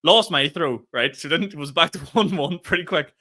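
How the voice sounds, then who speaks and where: Lively Northern Irish man, bright voice. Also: fairly high pitch, moderate pace. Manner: animated, swears freely, laughs mid-story. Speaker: podcast co-host. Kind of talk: casual storytelling chat.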